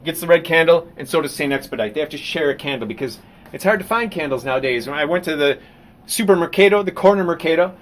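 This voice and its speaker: A man, a painter, rambling on a live stream and reading his artist statement aloud, swinging from muttering to loud theatrical outbursts. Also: fairly high pitch, animated, quick pace.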